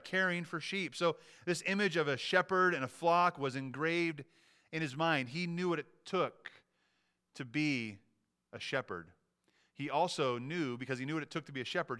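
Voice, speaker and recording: A man's voice: on the high side, pushed and bright, clear, resonant tone. A middle-aged man, a pastor, preaching a sermon in an earnest, emphatic way and often restarting his phrases.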